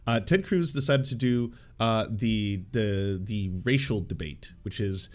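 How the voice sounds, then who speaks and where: A man's voice: lowish voice, a little slow, few pauses. A man hosting political commentary, talking casually and sarcastically with lots of filler words.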